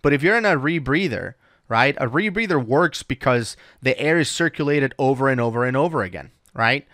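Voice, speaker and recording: A man's voice: mid-range voice, lively intonation, fairly quick, fairly bright tone, no room sound, studio quality. A man hosting a dive talk show, patiently explaining things step by step in a casual chat. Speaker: dive instructor and podcast host.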